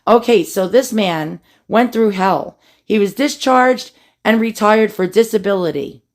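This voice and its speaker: A woman's voice: mid-range voice, unhurried. A middle-aged woman hosting a family history video, reading war records aloud with chatty asides and jokes. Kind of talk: casual documentary narration.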